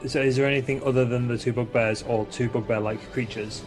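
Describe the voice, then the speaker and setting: A man plays in a tabletop role-playing game and talks casually. He sounds eager and a little pushy, at a middle pitch, with faint music underneath. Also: fairly even intonation, fairly quick. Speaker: player. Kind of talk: casual chat.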